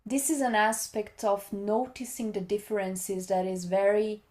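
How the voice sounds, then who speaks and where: A woman guest on a podcast, speaking calmly and reflectively about voice and body awareness. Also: mid-range voice. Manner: slow, calm, exploratory speech.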